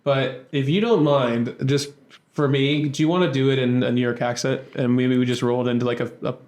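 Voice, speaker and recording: Male podcast host, mid-pitch, loose and rambling, recorded in an echoey room. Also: steady tone, brisk, darkish tone. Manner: rambling, playful, with many restarts and fillers. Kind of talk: casual chat.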